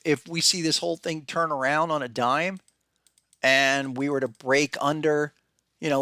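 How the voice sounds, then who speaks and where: A man's voice: mid-range voice, sharp tone, no echo, studio quality. A man hosting a podcast, giving blunt, conversational market commentary and thinking aloud with frequent restarts. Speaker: podcast host and market analyst.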